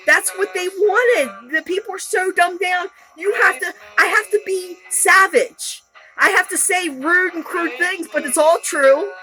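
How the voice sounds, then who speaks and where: A woman's voice: very high voice, unhurried, bright, forceful tone, rough recording. A woman telling her personal story in a raw, rambling monologue, blunt and profane. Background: music.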